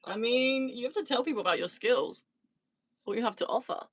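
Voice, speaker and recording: A woman's voice: fairly high pitch, a little fast, husky, no room sound. British female livestream host, loose and giggly, reads chat aloud, dry voice with no room. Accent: British English. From Britain. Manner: laughs often, loose and swears casually. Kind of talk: casual live chat answering viewer comments.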